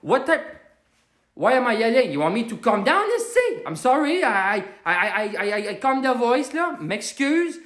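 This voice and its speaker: A man playing a brash, excitable Quebecois would-be politician with a Quebec French accent, doing a comedic forecast in profane broken English. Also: extremely high pitch, measured pace, roomy sound, heavily acted. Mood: excited. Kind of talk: comedic live-stream monologue.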